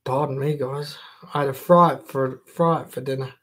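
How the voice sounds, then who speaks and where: A man's voice: medium pitch, steady tone, moderate pace, a bit bright. A man chatting casually to viewers on a live stream, jokey and swearing freely.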